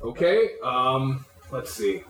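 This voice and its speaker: A man's voice: mid-range voice, sing-song, slow, reverberant, far from the mic, rough recording. A man narrating as game master in a casual tabletop game, hesitant and full of fillers.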